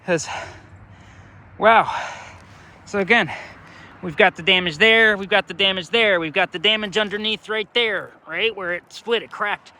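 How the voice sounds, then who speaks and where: A winded roofer talks through a damaged roof outdoors, his high voice bright and tense. He sounds fed up, pointing out each problem one by one as he catches his breath. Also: moderate pace. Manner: exasperated, explaining step by step. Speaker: roofing contractor. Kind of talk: on-site inspection walkthrough.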